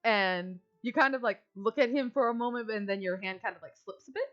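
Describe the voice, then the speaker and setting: A woman's voice: on the high side, fairly quick. Casual woman game master, lo-fi audio. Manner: casual, hesitant, many fillers. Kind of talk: narrating a tabletop game.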